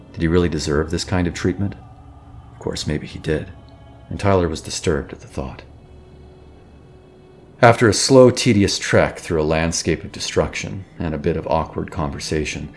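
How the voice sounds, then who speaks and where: A man reading a suspenseful story as a narrator, measured and even. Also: very deep voice. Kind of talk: scripted narration.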